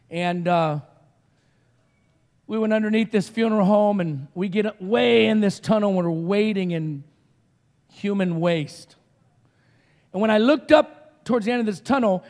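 A middle-aged man preaching as a guest speaker, telling stories with animated energy and shouted outbursts. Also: high-pitched, long reverb tail. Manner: animated storytelling, shouting quoted screams. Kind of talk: sermon.

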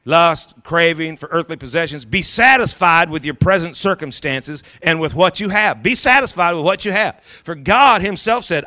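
A man's voice: on the high side, animated, moderate pace, hardly any pauses, sharp tone. A man preaching a sermon as pastor to a congregation, fervent and urging, repeating phrases for emphasis.

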